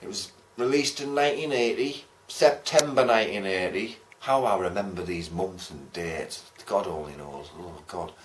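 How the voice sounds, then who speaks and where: A man's voice: low-pitched, moderate pace, few pauses, slight background noise. A man giving a casual, rambling film review, chatty and swearing casually as he talks. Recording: roomy echo.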